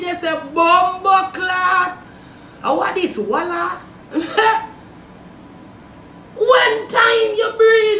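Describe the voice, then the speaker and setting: A woman with a Jamaican accent delivering a loud, profane comedic rant, often shouting. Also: very high voice, slight background noise. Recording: roomy, distant from mic.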